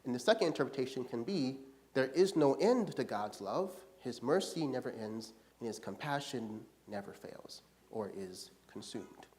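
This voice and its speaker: A man's voice: medium pitch, very animated, normal speed, a little mellow. A man leading a church Bible study, teaching conversationally and often checking in with the group by asking "right?".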